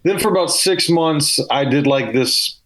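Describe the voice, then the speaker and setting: A man's voice: fairly high pitch, a little slow, a bit bright, poor audio. A young man with a Southern US accent, a comedian telling loose, self-deprecating stories as a guest in a casual podcast interview.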